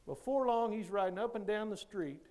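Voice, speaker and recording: High-voiced animated male storyteller. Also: normal speed. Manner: animated storyteller who acts out others' lines. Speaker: motivational speaker. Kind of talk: storytelling speech.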